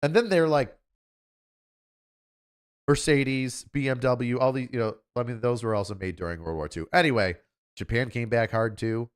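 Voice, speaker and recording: Smooth-voiced rambling male streamer. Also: mid-range voice, moderate pace, pauses often. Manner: rambling, offhand, with fillers. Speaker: livestream host. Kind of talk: casual livestream chat.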